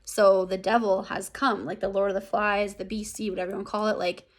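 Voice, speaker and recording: A woman's voice: medium pitch, flat delivery, a little fast. A young woman teaching an English class in a recorded lesson. She talks casually, uses a lot of fillers and keeps checking in with "right?".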